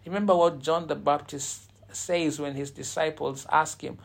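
A man's voice: on the high side, unhurried, gravelly, few pauses. A man preaching a sermon, retelling a Bible passage and explaining it in a teaching tone, with frequent fillers and restarts.

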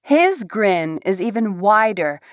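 A woman narrating a first-person novel aloud in an expressive storytelling manner. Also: medium pitch, takes it slowly, no echo, studio quality.

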